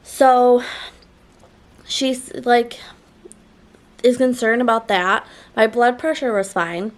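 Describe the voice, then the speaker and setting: A woman's voice: on the high side, steady tone, slow. Slightly nasal woman chatting casually. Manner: rambling, frequent "like" fillers. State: recovering from a sore throat. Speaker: vlogger. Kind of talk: casual chat to camera.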